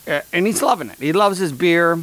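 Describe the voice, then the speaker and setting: A man hosting a comedy podcast, delivering sarcastic, deadpan rants and mock sponsor ads. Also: on the high side, a little fast. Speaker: podcast host. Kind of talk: comedic monologue.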